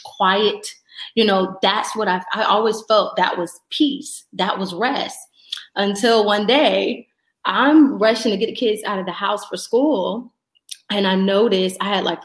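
A woman shares a personal faith testimony as an interview guest. Her telling is animated and she acts out the voices of the people in the story. The room adds a noticeable echo. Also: mid-range voice. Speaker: podcast guest.

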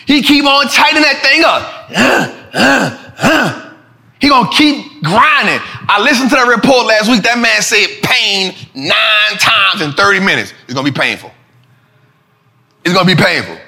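A man hosting a casual finance talk show, animated and preachy, full of slang and repeating lines for emphasis. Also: high-pitched, moderate pace. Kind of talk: casual market commentary.

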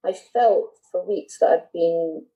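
A woman's voice: lowish voice, slow, dark tone, dull audio. A middle-aged woman telling a personal story to a host in candid, heartfelt speech that halts and restarts now and then. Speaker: guest.

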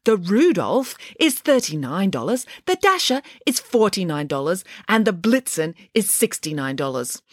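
A woman's voice: a little high, very animated, a little fast, few pauses, fairly bright tone, slightly rough, no echo, clean studio sound, pitched above the performer's own voice, heavily acted. A woman voicing an officious adult female shop elf who sticks stiffly to the rules. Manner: chirpy, stiff, rule-bound.

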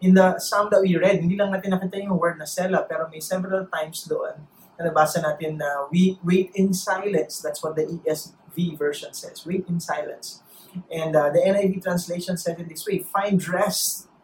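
A man with a Filipino accent preaching a sermon, mixing Tagalog and English and speaking with deliberate pauses. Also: high voice, steady tone, a little mellow. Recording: roomy echo, faint noise.

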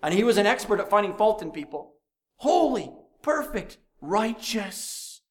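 A man preaching an evangelistic sermon at an evening meeting, fervent, swinging from loud declarations to hushed lines, with rhetorical questions and repetition. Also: high voice, sing-song, unhurried.

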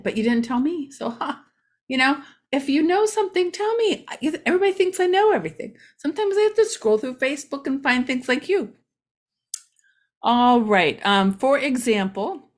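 A woman from Ohio hosting a casual local-news vlog, chatty and rambling with many asides. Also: medium pitch. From Ohio, USA. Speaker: local community vlogger.

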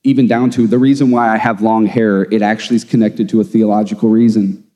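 A man's voice: on the low side, fast talker. A man who teaches theology, talking casually and emphatically, telling stories in a podcast conversation. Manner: animated, emphatic storyteller. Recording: long room reverb.

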